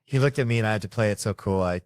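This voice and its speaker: A man performing stand-up comedy, telling stories in an animated, profane way. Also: on the low side, racing, clean tone, no echo, clean studio sound.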